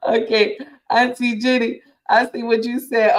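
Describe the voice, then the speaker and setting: A woman's voice: on the high side, level tone, a little slow, echoey room. A woman hosting a casual relationship talk to her live chat, emphatic and repetitive, calling listeners honey and my dear. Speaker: livestream host.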